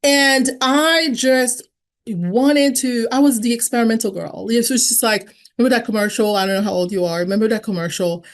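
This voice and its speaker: Frank, animated woman telling her story. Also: moderate pace. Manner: animated, jumps in pitch when acting out quotes; frank and conversational, with many fillers. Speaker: guest sharing her recovery story. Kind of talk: candid personal storytelling.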